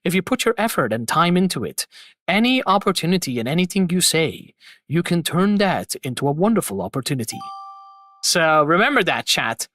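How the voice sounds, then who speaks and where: A man's voice: a little high, big pitch swings, brisk, bright, forceful tone, dry recording, clean studio sound. A man hosting a live stream, chatting casually and enthusiastically to his viewers and rambling about voice acting and games. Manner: rambling, enthusiastic, talks to chat. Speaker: streamer host.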